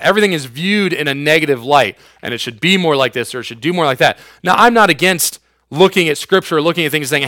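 A man's voice: on the high side, quick pace, sharp tone, no room sound, clean studio sound. A man in his thirties preaching a youth sermon as youth pastor, casual and slangy, with everyday asides to his listeners.

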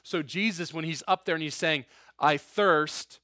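A man's voice: on the high side, fairly quick, bright, forceful tone, dry recording, studio quality. A man preaching a conversational sermon as a pastor, earnest and emphatic with informal asides.

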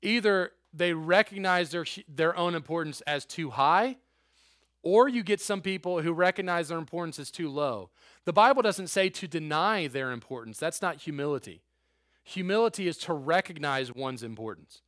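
Young man, youth pastor, casual sermon, fairly high voice, dry close sound. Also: moderate pace, no room sound. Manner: casual, animated, acts out quotes with laughs.

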